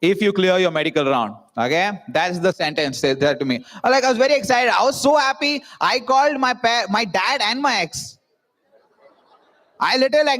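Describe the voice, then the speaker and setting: A man's voice: sits high, lively intonation, a little fast, fairly bright tone. A young man from India telling a self-mocking comic story to a live audience, acting out the people in it. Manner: jokey, self-mocking, acts out voices of people in his story. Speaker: speaker at a student event.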